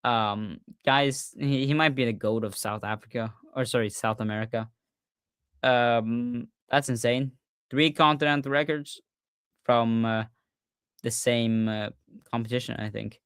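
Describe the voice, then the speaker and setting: A young man hosting a casual livestream recap, talking excitedly, often stumbling and repeating himself. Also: mid-range voice, unhurried, smooth, no room sound, clean studio sound. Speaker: podcast host.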